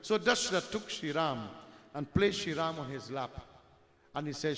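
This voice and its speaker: High-voiced man telling a devotional story. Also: expressive, unhurried, a bit bright. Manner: addresses listeners as dear friends, mixes in Hindi devotional words. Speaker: religious storyteller. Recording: echoey hall with long reverb.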